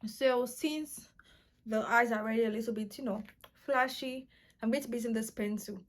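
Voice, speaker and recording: Speaking at a moderate pace, a young beauty vlogger casually walks her viewer through her makeup routine. Her voice is a bit high, and playful, excited outbursts keep popping up in her chatter.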